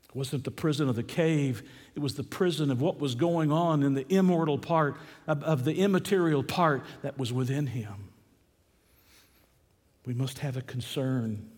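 A man preaching a sermon, moving between hushed and loud emphatic passages and repeating key phrases slowly. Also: a little high, in a large hall.

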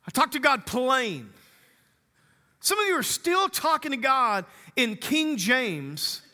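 A man's voice: extremely high pitch, sing-song, slow pace, bright, forceful tone, big-room sound. A man preaching a sermon as a pastor, conversational and humorous, teasing his congregation.

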